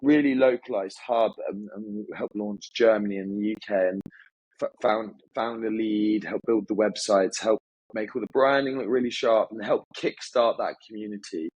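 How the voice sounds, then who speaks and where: A man's voice: lowish voice, steady tone, darkish tone, husky, dry recording, lo-fi sound. A man as an interview guest, upbeat and chatty, often restarting his sentences. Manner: upbeat, talks in quick bursts with many restarts. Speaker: guest, agency founder. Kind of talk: casual interview talk.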